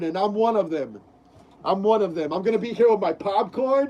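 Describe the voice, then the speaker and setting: A man's voice: sits high, lively intonation, moderate pace, a little mellow, a little hiss or hum. A young man casually hosting a live stream, reading chat messages aloud and stumbling over names. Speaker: livestream host.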